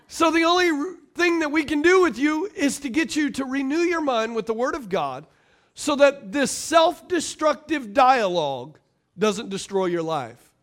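A middle-aged man preaching a sermon as pastor, calling out to the congregation and swinging between loud and quiet. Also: extremely high pitch.

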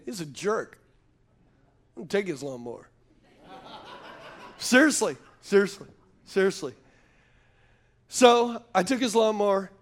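High-voiced preacher man. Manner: folksy storytelling preacher, calls out to the congregation. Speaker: pastor. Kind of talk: sermon.

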